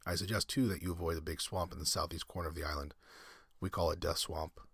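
A man voicing a suave, cruel old aristocratic general who hunts men, in a courtly, menacing manner and a husky voice. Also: deep voice, steady tone, fast, no room sound, heavily acted.

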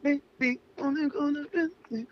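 A man co-hosting a casual podcast, excitable and stammering as he gushes. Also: very high voice, a little slow, dull audio. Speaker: podcast co-host. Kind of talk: casual chat.

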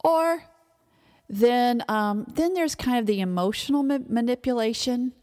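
A woman's voice: on the high side, a little slow, a little mellow, in a large hall. A woman giving an instructional talk to parents in a conversational, emphatic way, with asides. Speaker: parenting speaker.

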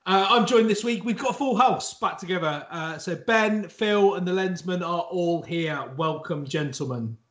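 A West Country man hosts a podcast with jokey, rambling banter. He is a bit tipsy and mocks himself freely. His voice sits a little high for a man. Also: moderate pace, few pauses, a bit bright. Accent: West Country English. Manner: jokey, rambling, self-mocking. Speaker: podcast host. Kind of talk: casual banter.

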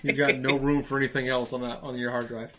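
A young man co-hosting a casual gaming podcast, talking in a laid-back, deadpan way. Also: mid-range voice, fast, a little hiss or hum. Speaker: podcast co-host.

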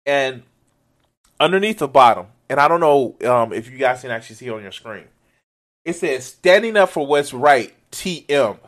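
A man giving casual, profane reaction commentary on a video, excitable and laughing often. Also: mid-range voice, normal speed.

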